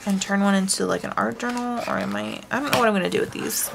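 A woman vlogger chatting casually while showing her coloring books, rambling and self-deprecating, with sighs and hushed asides. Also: mid-range voice, steady tone, fast talker, gravelly, heavy background noise. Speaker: craft vlogger.

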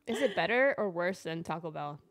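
A woman's voice: fairly low pitch, expressive, brisk, no room sound. Woman co-host, short asides, reads the chat; dry close sound. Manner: brief remarks, reads the chat. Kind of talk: casual chat.

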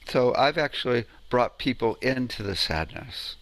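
A man's voice: mid-range voice, lively intonation, unhurried, hardly any pauses, fairly bright tone, no room sound. A man giving an informal lecture on sound healing, telling stories in a conversational way and often asking "right?".

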